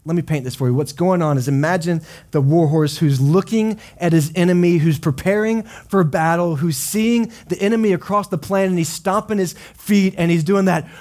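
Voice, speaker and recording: Man, pastor, sermon, higher voice, chatty asides, acts out quotes. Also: moderate pace, hardly any pauses, a little mellow. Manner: conversational, explains scripture with casual asides. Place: church service.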